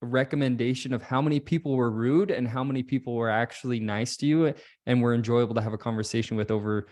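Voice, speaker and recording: Male host and coach, middle pitch, eager and affirming, talks over a video call. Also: fairly even intonation, a little mellow. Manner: enthusiastic, frequent quick affirmations. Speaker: interview host and real estate coach. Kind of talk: conversational interview.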